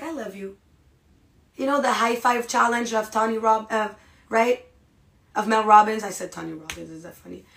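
A woman hosting a podcast, giving a motivational monologue straight to her listeners, dramatic and animated, with many rhetorical questions. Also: on the high side, creaky. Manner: animated and dramatic, acts out inner voices. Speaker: podcast host.

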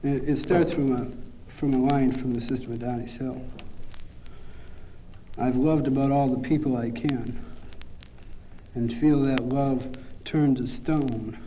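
A man, a poet, who introduces his poem quickly and offhandedly, then reads it slowly and heavily. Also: mid-range voice, fairly even intonation, dark tone, a little hiss or hum, rough recording. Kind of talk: poetry reading with spoken introduction.

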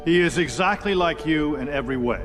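An actor playing a calm male scientist, explaining in a measured way as he presents a clone. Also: fairly high pitch, loud music behind the voice, natural voice. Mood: matter-of-fact.

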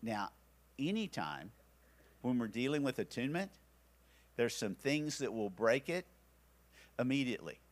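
A man's voice: mid-range voice, big pitch swings, measured pace, pauses often. An older man teaching parents, telling a story about his grandsons and acting out his own soothing words. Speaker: church teacher. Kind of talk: teaching talk with personal story.

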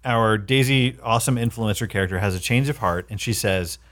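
Playful man pitching jokes. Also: brisk, a bit bright. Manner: playful, interrupts with joke pitches, laughs often. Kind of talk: improvised comedy brainstorm.

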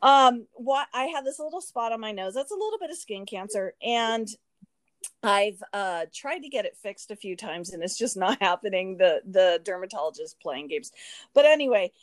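A woman co-hosting a podcast, chatting casually in an animated way, laughing often and filling her speech with "you know" and "um". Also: mid-range voice, moderate pace, dry recording, clean studio sound. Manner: animated, laughing, many fillers. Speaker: podcast co-host. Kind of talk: casual chat.

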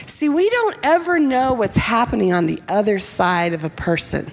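A middle-aged woman telling personal stories to an audience, lively and candid. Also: medium pitch, moderate pace, vocal fry, hardly any pauses, big-room sound, a little hiss or hum. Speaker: speaker. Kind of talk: personal storytelling talk.

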